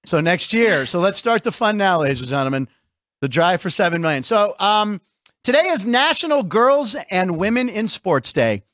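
A man hosting a comedy sports show from a studio, talking in jokey, animated banter. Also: high voice, moderate pace, dry recording. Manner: animated, jokey, puts on mock announcer voices. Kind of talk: joking radio-style banter.

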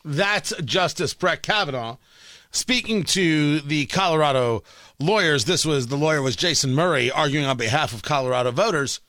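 Emphatic high-voiced talk radio host. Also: male voice, normal speed, a bit bright, no room sound. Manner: emphatic, combative, repeats short demands. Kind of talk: opinionated talk radio monologue. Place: radio studio. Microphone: studio microphone.

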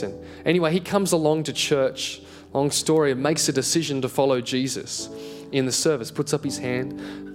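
A young adult man preaching a sermon and telling a personal story in an animated way, laughing at himself as he goes. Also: medium pitch.

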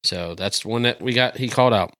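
A man with a bright, forward voice chatting casually as a podcast co-host. He is easygoing and talks things through aloud, recorded dry and close. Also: mid-range voice, fast talker, no room sound.

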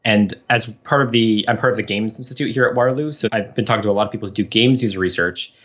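A man's voice: lowish voice, fairly bright tone, lo-fi sound. A man in his thirties, a professor and researcher, explaining his work in a casual interview, chatty, with many fillers.

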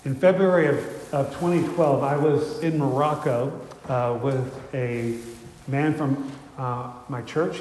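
A man's voice: medium pitch, darkish tone, a little hiss or hum. A man preaching a sermon, telling a story in a conversational way, full of fillers and restarts. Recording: echoey hall with faint ambience.

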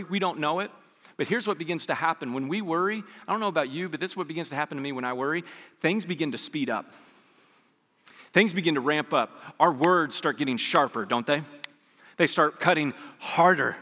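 A man preaching a sermon with a bright, ringing tone and a fairly high voice. He talks to the congregation conversationally, firing rhetorical questions and dropping from loud bursts to hushed lines. His voice carries a long reverb from a large church sanctuary. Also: fairly quick. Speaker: pastor.

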